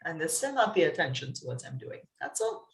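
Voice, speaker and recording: Trinidadian lady psychologist chatting in an interview, animated storyteller, lots of pitch jumps, echoey room. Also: fairly quick. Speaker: psychologist guest. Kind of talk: conversational interview.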